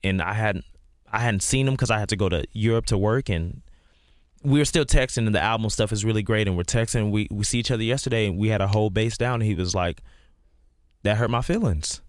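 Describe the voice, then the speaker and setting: A man's voice: on the low side, fast, no room sound, studio quality. A male musician on a casual podcast interview, talking in an earnest, rambling way with lots of "like". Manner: earnest, rambling, heavy use of "like". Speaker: guest musician.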